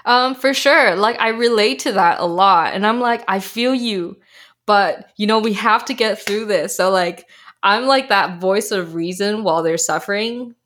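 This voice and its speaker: A young adult woman, a health coach, chatting in an interview and acting out quotes from her past. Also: unhurried. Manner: animated storyteller, acts out quotes in a higher voice. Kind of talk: casual interview chat.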